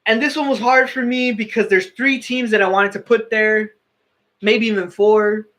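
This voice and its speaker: Young guy with a high voice ranking football teams, opinionated, keeps restarting his sentences. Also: steady tone, moderate pace, fairly bright tone. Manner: opinionated, self-correcting, restarts often. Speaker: sports commentator. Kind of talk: casual sports commentary.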